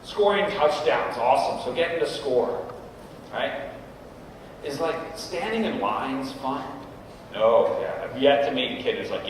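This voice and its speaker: A man's voice: mid-range voice, unhurried, a little hiss or hum. Man speaking in an echoey hall. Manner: conversational, often adds "right?" to check in with the room. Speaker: guest speaker at a coaches' meeting. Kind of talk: informal talk to an audience. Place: large room at a meeting. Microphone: camera at a distance. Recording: echoey hall recorded from far off.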